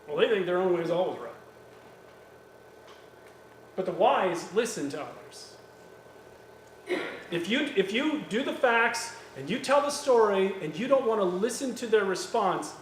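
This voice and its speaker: A man preaching a sermon, lively and acting out quoted voices, with gentle humor. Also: sits high, slight background noise. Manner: animated, acts out quoted voices with jokes. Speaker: pastor. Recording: echoey church hall with faint ambience.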